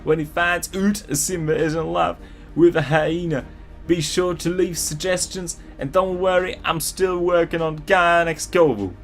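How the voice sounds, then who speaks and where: A man's voice: on the high side, steady tone, a little slow, soft background music, voice pushed up. A man putting on an exaggerated American accent to voice an eager young fanfiction author. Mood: gushing. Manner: overdone American accent, upbeat.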